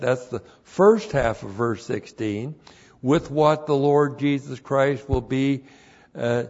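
A man gives a slow, methodical Bible lesson at an unhurried pace, leaning hard on the words he wants to stress. His voice sits in a middle register. The recording sounds dull and lo-fi. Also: mid-range voice, a little mellow. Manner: slow, deliberate, emphatic on key words. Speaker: Bible teacher. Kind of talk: expository Bible teaching.

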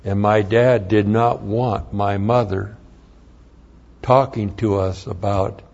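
An older man giving an earnest, plain-spoken personal testimony, with halting restarts as he tells his story. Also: lowish voice, fairly even intonation, gravelly, darkish tone. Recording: dull lo-fi recording.

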